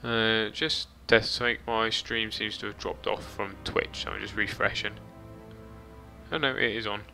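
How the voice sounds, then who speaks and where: Gravelly man streaming a game. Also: on the low side, fairly even intonation, moderate pace, sharp tone, faint music behind. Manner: chatty, reads chat aloud, swears casually. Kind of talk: casual gameplay commentary.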